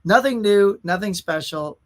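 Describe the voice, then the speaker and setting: A man's voice: sits high, animated, unhurried. Laid-back man hosting a live chat. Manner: laid-back, chatty, greets viewers by name. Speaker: host of a pop culture live show. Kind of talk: casual livestream chat. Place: his own home collection room.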